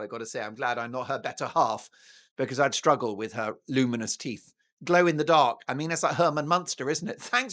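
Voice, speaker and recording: British male talk host, mocking and theatrical, lively swings in pitch, bright voice. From Britain. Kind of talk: opinionated news commentary.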